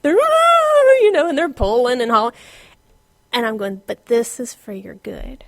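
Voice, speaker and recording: Woman, middle-aged, informal Bible lesson, lively delivery, drops to whispers, dry close sound. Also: on the high side, normal speed, vocal fry, dry recording. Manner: animated, laughs often, drops to a whisper for emphasis. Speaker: Bible teacher.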